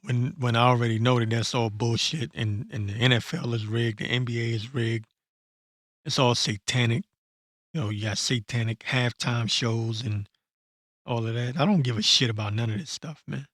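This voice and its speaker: A man's voice: mid-range voice, fairly even intonation, a bit bright, no room sound. Blunt, profane man in a dry room. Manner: reads verses slowly with self-corrections. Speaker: online commentator. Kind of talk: blunt unscripted rant with scripture reading.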